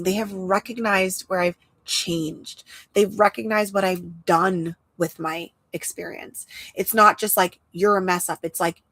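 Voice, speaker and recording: A woman's voice: lowish voice, a bit bright, husky, rough recording. A young adult woman with a nasal voice, hosting and teaching in a casual, passionate monologue, often repeating phrases for emphasis. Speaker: human design coach and show host. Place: outdoors.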